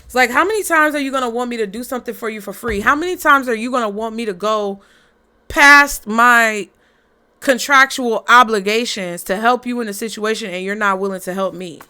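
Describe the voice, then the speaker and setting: A woman's voice: on the high side, fairly quick, sharp tone, clean tone. A woman giving a casual tarot reading in a blunt, profane, fired-up motivational way. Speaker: tarot reader.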